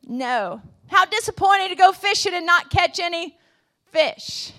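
A woman preaching a sermon to a church congregation, asking the room questions and swinging from quiet, low passages to shouted high points. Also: steady tone, moderate pace. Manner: call-and-response preaching, swinging between soft low passages and shouted peaks.

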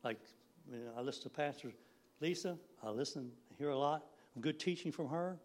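A man in his sixties speaks at a church gathering in a folksy, rambling way. His voice sits a little high for a man, and he laughs easily between thoughts. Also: brisk. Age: 60s. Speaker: lay preacher. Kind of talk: informal church sermon.

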